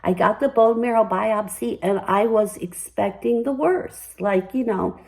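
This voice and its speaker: A woman's voice: mid-range voice, unhurried, creaky, darkish tone, rough recording. An older woman hosting a personal commentary, telling her story in an emphatic, upbeat way. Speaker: commentary host.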